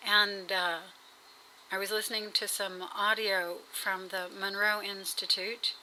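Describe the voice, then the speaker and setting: A woman's voice: medium pitch, level tone, a little slow, sharp tone, a little hiss or hum, poor audio. A woman talking in a casual video diary, rambling and hesitant, with many fillers and restarts. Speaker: vlogger. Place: at home.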